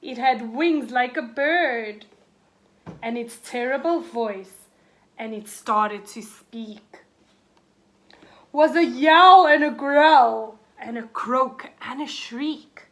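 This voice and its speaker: Woman, storyteller reading aloud to children, very slow, bright voice, expressive. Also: fairly high pitch. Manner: expressive, dramatic rises and hushes.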